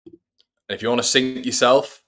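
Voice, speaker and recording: A man's voice: mid-range voice, fairly even intonation, normal speed, a bit bright. A man hosting a live fan watch-along, giving casual play-by-play and chatting to viewers between the action. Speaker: fan channel host.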